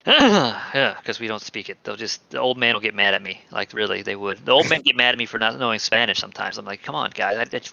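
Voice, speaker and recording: A man's voice: fairly low pitch, expressive, fast, creaky, few pauses, bright, forceful tone, dry recording, muffled recording. A man from Texas, co-hosting a casual streamed chat, joking and reading screen text aloud. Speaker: podcast co-host.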